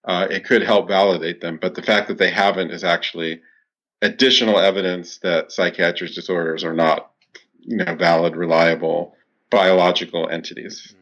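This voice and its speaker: A man, a clinical psychologist, answering interview questions in a steady explanatory way, with frequent "you know" fillers. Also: sits low, moderate pace, dull audio.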